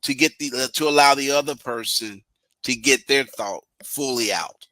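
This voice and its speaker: A man co-hosting a podcast as a business coach, an animated storyteller who acts out the dialogue of his examples. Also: medium pitch, moderate pace, dry recording, rough recording. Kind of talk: conversational podcast talk.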